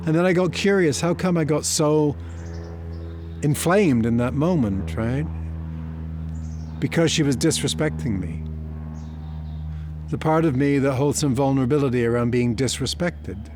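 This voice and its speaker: Man calmly teaching parenting lessons. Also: medium pitch, slight background noise. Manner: reflective, conversational, tells personal stories. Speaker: therapy teacher. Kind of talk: explanatory talk to camera.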